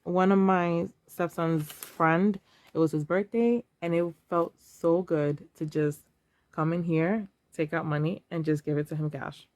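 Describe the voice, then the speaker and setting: A woman's voice: on the low side, fairly even intonation, measured pace, a little mellow. Chatty woman vlogger, emotional. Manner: chatty, emotional, counting cash aloud. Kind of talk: casual talk to camera.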